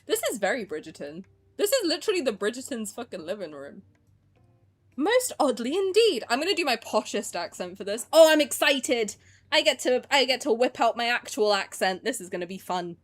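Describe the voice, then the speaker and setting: A woman's voice: a little high, sing-song, brisk. A young woman streamer chatting casually while playing, sarcastic and swearing freely. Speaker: game streamer. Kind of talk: casual gameplay commentary.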